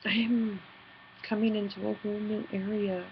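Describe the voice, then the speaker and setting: Gravelly-voiced woman speaking into a lo-fi recorder. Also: mid-range voice, flat delivery, slight background noise. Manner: halting and earnest, full of fillers and restarts. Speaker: paranormal investigator and team leader. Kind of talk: personal video diary.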